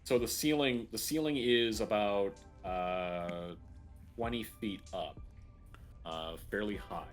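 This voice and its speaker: A man's voice: on the low side, slow pace, soft background music. A man narrating as game master of a tabletop game, describing the scene loosely with fillers.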